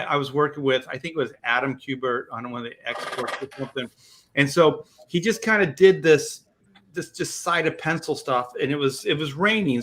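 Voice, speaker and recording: Bright-voiced man talking quickly. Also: mid-range voice. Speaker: comic inker guest. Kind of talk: casual panel chat.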